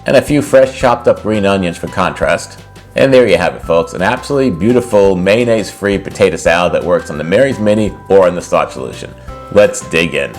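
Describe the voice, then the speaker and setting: A man's voice: low-pitched, lively intonation, brisk, faint music behind. A man hosting a cooking video, casually explaining a recipe step by step and then tasting it. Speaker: cooking channel host.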